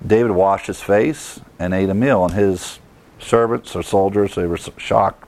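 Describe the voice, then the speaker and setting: A man preaching a sermon, emphatic and rising in pitch, chuckling now and then as a pastor. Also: steady tone, measured pace, darkish tone.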